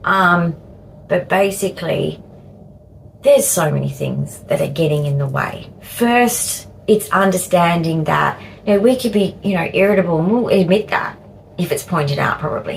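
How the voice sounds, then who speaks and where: An Australian woman in her fifties vlogging in a halting, repetitive way with cheeky asides. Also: on the low side, gravelly, slight background noise, poor audio. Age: 50s. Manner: slow, halting, repeats words, cheeky asides. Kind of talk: casual talk to camera.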